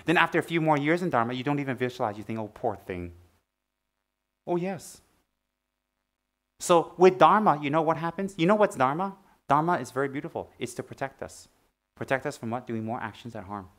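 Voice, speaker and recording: A man giving a Dharma talk as a Buddhist teacher, teasing and playful, then dropping to soft, earnest teaching. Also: fairly high pitch, brisk.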